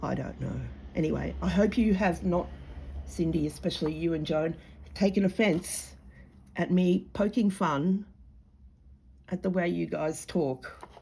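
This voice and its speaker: A woman's voice: lowish voice, measured pace, creaky, warm tone, slightly rough. A middle-aged Australian woman chatting casually to camera in a blunt, sarcastic, mocking way while she makes jewellery. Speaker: jewellery maker and vlogger.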